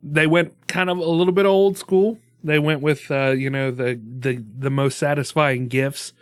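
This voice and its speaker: A man's voice: on the high side, flat delivery, normal speed, clean tone, no room sound, studio quality. Laid-back swearing man on a podcast. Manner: laid-back, swears often, laughs easily. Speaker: podcast co-host. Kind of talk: casual chat.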